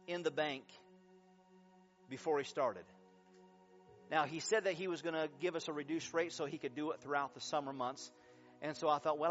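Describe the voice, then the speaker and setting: A man preaching a sermon as pastor, slightly higher-pitched than most men. He tells stories with dramatic shifts in his voice. The recording is a little muffled, with faint music underneath. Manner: animated storytelling, acting out quotes with big pitch jumps.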